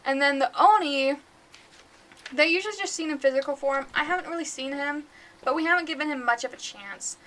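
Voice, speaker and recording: A woman streamer chatting through a horror game live, jumpy and giggly, yelling out to the ghost now and then. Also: high-pitched, brisk, a little hiss or hum. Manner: chatty, jumpy, laughs often, calls out loudly to the ghost.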